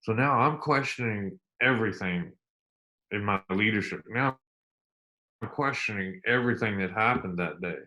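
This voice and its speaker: A middle-aged man speaks in a low voice. He tells his story with earnest repetition and slows right down when it matters. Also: bright, forceful tone. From United States. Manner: earnest, repeats himself, slow and emphatic at emotional points. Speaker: interview guest, army veteran. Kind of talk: candid storytelling interview.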